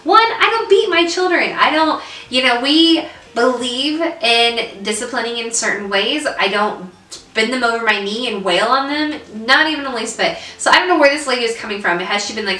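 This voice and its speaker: A woman's voice: fairly high pitch, animated, brisk, bright, forceful tone, far from the mic. A young adult woman co-hosting a casual vlog, telling an upsetting story with lots of fillers and restarts. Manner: emotional storytelling with many fillers. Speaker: vlog co-host. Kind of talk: casual chat. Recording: roomy echo, away from the mic.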